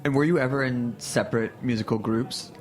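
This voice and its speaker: A man's voice: mid-range voice, steady tone, fairly quick. A man hosting a radio show, asking questions with dry jokes. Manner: dry, joking. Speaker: radio host. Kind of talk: casual interview questions.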